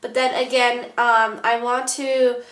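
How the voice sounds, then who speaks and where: A woman with a somewhat high, nasal voice that sounds stuffed up. She talks casually with plenty of ums, and the room around her has a noticeable echo. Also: flat delivery, slow pace, a bit bright, slight background noise. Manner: chatty, many ums. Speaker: planner vlogger. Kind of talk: casual show-and-tell vlog.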